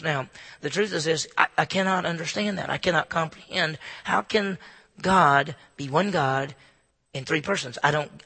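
A man preaching with emphatic force, his high voice gravelly and husky. His bright, sharp tone rings out with a long reverb, as from a church sanctuary. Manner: emphatic, rising to loud repeated phrases. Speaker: pastor. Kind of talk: sermon.

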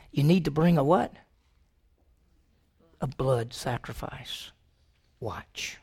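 Gravelly-voiced preacher man, animated. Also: slow pace, pauses often. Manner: animated preaching, rhetorical questions to the congregation; pitch jumps high when emphatic. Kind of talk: sermon.

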